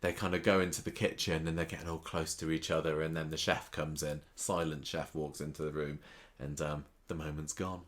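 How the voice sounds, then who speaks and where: A man's voice: rumbling low, level tone, brisk. A man co-hosting a podcast, recapping episodes with sarcastic asides in a casual chat. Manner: sarcastic, mimics characters in quotes. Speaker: podcast co-host.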